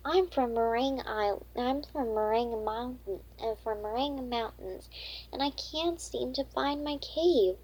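A woman doing a gentle polite lost dragon. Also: fairly high pitch, measured pace, breathy edge, low-quality recording. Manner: soft, sad and courteous.

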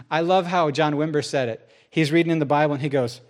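A man preaching a sermon as pastor, telling stories in a lively way and jumping into other people's voices. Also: fast, few pauses. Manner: lively storytelling, jumps into high voices for quotes.

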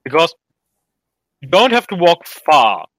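A man's voice: fairly high pitch, wildly swooping pitch, measured pace, a bit bright, no echo, rough recording. A man from Germany, chatting emphatically on a call. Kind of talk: casual chat. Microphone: video call.

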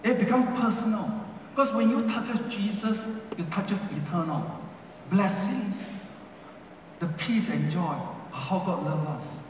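A man's voice: sits high, animated, unhurried, background noise. A man preaching a sermon as pastor in broken English, repeating phrases with rising and falling emphasis. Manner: preaching with non-native English grammar. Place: large church hall. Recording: echoey hall from far off.

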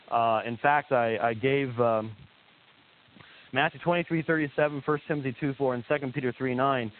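A male theology lecturer speaking in a moderate voice, pressing his points hard and pausing often on filler sounds. The sound is thin and phone-like, with a faint hiss running underneath. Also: mid-range voice. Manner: emphatic, frequent filler hesitations, repeats key points. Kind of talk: teaching lecture. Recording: tinny lo-fi recording with faint hiss.

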